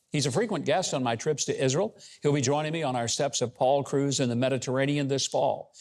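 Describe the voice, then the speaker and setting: A talk show host with a slightly raised pitch reads a brisk, upbeat introduction of his guest. His delivery is steady and well-practised.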